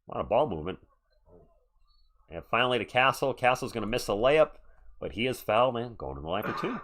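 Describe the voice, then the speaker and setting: A man's voice: mid-range voice, fairly bright tone. A man calling live play-by-play on a stream, chatty and answering viewers between calls. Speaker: live stream sports commentator. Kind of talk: live play-by-play and chat reactions.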